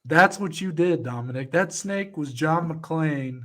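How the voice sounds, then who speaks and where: A man's voice: a little high, animated, unhurried, sharp tone. Joking male podcast co-host. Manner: joking, playful banter. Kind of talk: casual chat.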